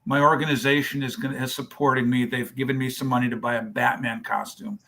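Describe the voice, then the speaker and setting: A man's voice: mid-range voice, little pitch movement, fast talker, vocal fry, bright, forceful tone. Man telling a heartfelt charity story. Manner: storytelling, acts out dialogue. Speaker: charity founder. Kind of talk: telling a story in a podcast interview.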